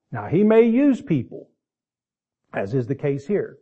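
A man's voice: a little high, animated, takes it slowly, long pauses, breathy edge, lo-fi sound. A man preaching a sermon in a conversational way, with asides and restarts, ending in prayer. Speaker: pastor.

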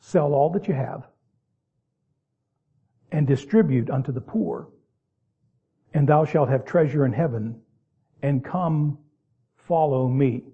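A man preaching a sermon, reading King James verses and then explaining them in plain folksy asides, sometimes stretching words out slowly for emphasis. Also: mid-range voice, slightly rough, narrow, tinny audio.

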